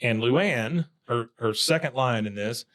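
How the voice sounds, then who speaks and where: A man's voice: mid-range voice, a little slow, fairly bright tone. A man co-hosting a podcast, casually retelling a cartoon episode scene by scene. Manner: narrates scenes, acts out quotes. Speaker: podcast co-host.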